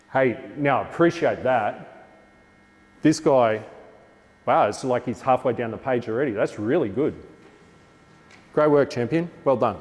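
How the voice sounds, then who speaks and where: Aussie guy running a teacher workshop, mid-pitched voice, lively, lots of reverb in a big hall. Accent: Australian. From Australia. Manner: lively, acts out teacher lines with a bigger, brighter voice. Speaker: teacher trainer. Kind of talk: classroom workshop talk.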